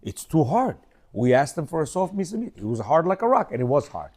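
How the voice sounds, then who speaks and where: A man's voice: a little high, very animated, quick pace, darkish tone. A middle-aged man telling a rambling personal story with many restarts and acted quotes, as host of a casual talk.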